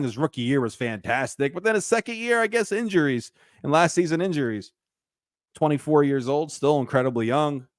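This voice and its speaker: A man hosting a casual sports talk show, animated and emphatic, often repeating his points. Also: mid-range voice, no room sound, studio quality.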